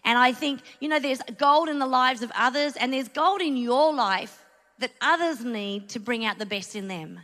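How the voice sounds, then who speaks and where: A woman's voice: sits high, normal speed, a bit bright. A middle-aged Australian woman giving a sermon, telling a personal story in a chatty, earnest way with asides. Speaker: church speaker. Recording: long hall reverb.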